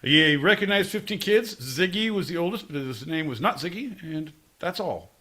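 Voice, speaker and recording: A man's voice: on the high side, lively intonation, normal speed, sharp tone. A man co-hosting a podcast, teasing his friend in goofy, casual comedy banter. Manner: goofy, teasing, jumps into silly voices. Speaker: podcast co-host.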